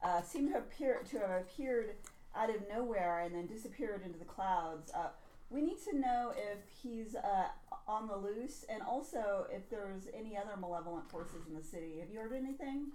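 Lively woman playing a tabletop game. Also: mid-range voice, normal speed. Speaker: player. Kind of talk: improvised tabletop role-play. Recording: echoey room, faint noise.

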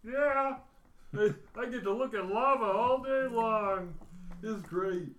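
A man plays a brutish, slow-witted male supervillain with a raised, booming voice. The voice is pitched well above the man's own. It sits in an echoey room. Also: a bit bright, a little hiss or hum. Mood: dopey.

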